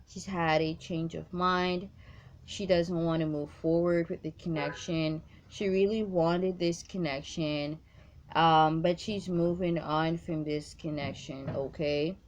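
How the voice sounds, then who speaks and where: A woman's voice: low-pitched, steady tone, takes it slowly, slight background noise. Blunt, profane woman giving a tarot reading. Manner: blunt, profane and emphatic, repeats phrases. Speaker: tarot card reader.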